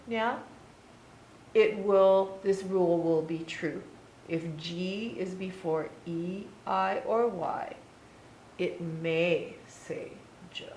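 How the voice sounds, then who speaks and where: Slow, encouraging woman in an echoey room. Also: on the low side. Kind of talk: one-on-one reading lesson. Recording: echoey room with faint noise.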